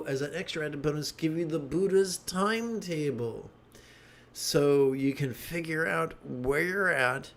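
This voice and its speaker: A man's voice: on the high side, fairly bright tone. A middle-aged man giving a livestreamed meditation talk, a wry, joking storyteller. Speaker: meditation teacher.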